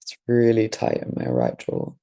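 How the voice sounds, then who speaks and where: Woman, raspy and mellow voice, candid and vulnerable, speaking openly. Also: very deep voice, sing-song, normal speed. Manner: open and vulnerable, laughs self-consciously. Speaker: podcast co-host taking part in a live demo. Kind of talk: candid emotional sharing.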